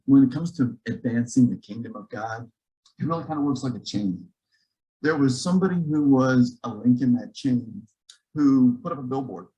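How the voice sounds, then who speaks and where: A man, a physician, telling a story to a church gathering in a lively, joking way, acting out the dialogue. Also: medium pitch, rough recording. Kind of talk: storytelling talk to a church audience. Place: church auditorium.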